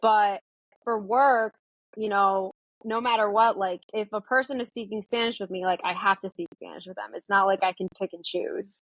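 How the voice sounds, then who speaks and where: A woman's voice: medium pitch, steady tone, moderate pace, no echo, lo-fi sound. Chatty young woman saying "like" a lot. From United States. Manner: chatty, lots of "like", acts out her own quotes. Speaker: therapist, guest. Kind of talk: casual interview chat.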